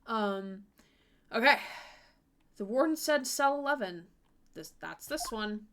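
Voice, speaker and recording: A woman's voice: a little high, expressive, slow pace, fairly bright tone, smooth. A woman streamer giving casual, chatty let's-play commentary, giggly and full of fillers.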